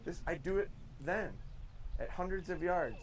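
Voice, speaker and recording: A man's voice: high voice, moderate pace, slight background noise, rough recording. Folksy man giving dog training tips. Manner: folksy, demonstrating commands in varied tones. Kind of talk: outdoor training talk. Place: outdoors in a field.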